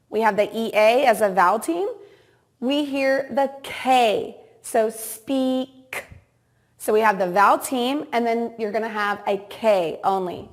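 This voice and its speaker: A woman teacher with a fairly high voice leads a reading lesson for small children. She speaks very slowly, drawing out each word with careful, exaggerated enunciation. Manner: slow, exaggerated word-by-word enunciation with repeat-after-me prompts. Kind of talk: slow, deliberate reading lesson for young children.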